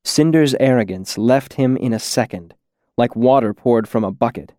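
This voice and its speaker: A man narrating a fantasy story in a measured, deliberate reading. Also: mid-range voice, mellow, no echo, clean studio sound. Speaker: audiobook narrator.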